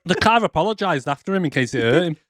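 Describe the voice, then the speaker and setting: A man's voice: fairly high pitch, animated, quick pace, fairly bright tone, no echo, clean studio sound. A man co-hosting a podcast, retelling film scenes with jokes, swearing and put-on quotes. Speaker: podcast co-host. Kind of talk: casual movie review banter.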